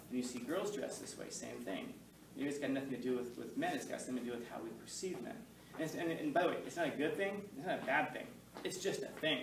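A man teaches from the front of a roomy, echoing classroom, and the camera sits well back from him. A steady hiss runs under his voice. His talk rambles and jokes, and he acts out the voices of the people he quotes. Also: mid-range voice. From Los Angeles. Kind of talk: classroom lecture. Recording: distant echoey classroom with noise.

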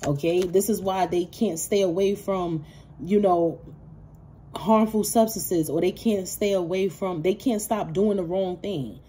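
A woman's voice: on the low side, measured pace, a little hiss or hum. Profane, laughing woman tarot reader. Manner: profane, animated, laughs often, calls viewers baby and child. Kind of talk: casual tarot reading to viewers.

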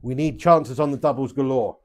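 A brisk, mid-range male voice carries a live darts stream from a home setup. The man chats with viewers, reads their messages out, jokes, swears freely and laughs a lot.

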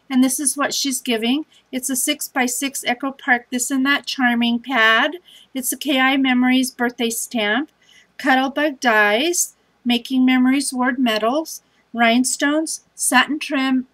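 A woman's voice: high voice, a bit bright, low-quality recording. Chatty tired woman hosting a craft vlog. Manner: chatty, scattered, self-deprecating. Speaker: scrapbooking challenge host. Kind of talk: casual vlog chat.

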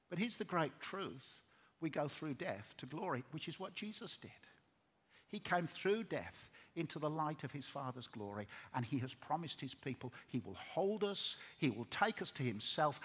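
A man's voice: a little high, fairly bright tone, breathy edge. A middle-aged man preaching a sermon in earnest, repeating words as he builds up. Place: large hall.

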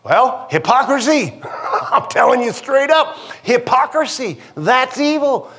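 A man's voice: very high voice, animated, a little slow, a bit bright, breathy edge. A man preaching a conversational sermon in church, with frequent asides and questions to the congregation. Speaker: pastor.

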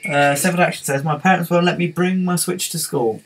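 A man's voice: a little high, steady tone, fairly quick, low-quality recording. A man hosting a casual gaming livestream, rambling, giggling and reading out the chat. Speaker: livestream host.

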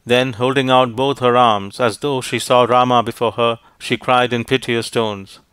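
Smooth, flat-toned male audiobook narrator. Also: medium pitch, no room sound. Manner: measured, formal storytelling.

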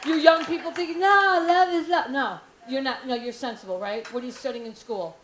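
A woman's voice: fairly high pitch, a little fast. A woman doing a stand-up comedy set, brash and frank, teasing the crowd. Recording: echoey club room, faint noise.

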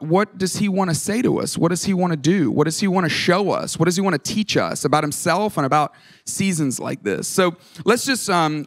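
Conversational preacher with a slightly high voice. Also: male voice. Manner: conversational, self-deprecating humor, acts out quoted voices. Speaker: guest pastor. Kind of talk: sermon with personal storytelling. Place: large church auditorium. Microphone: stage microphone.

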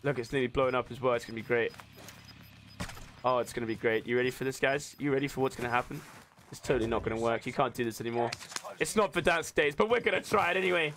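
A man in his twenties chatting casually with his livestream chat while gaming, excitable and swearing a lot. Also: mid-range voice, racing. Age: 20s. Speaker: streamer. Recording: noisy background.

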